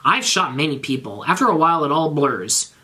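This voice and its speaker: A swaggering cartoon cat with a pistol, who brushes things off in a cocky, offhand way, voiced by a man reading a story. The voice stays close to the reader's own, nudged a little higher. It plays as a casual storybook reading. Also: animated, a little fast, bright, forceful tone. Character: swaggering gun-toting male cartoon cat.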